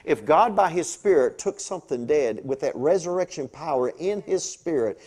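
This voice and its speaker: A male pastor preaching a lively sermon, telling stories and swinging between soft asides and loud exclamations. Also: fairly high pitch, moderate pace.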